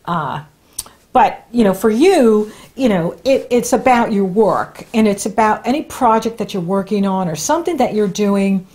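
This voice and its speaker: A woman's voice: mid-range voice, lively intonation, normal speed. A woman giving a casual spoken horoscope reading as an astrologer, chatty and encouraging, often laughing between points. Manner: warm, encouraging advice-giving.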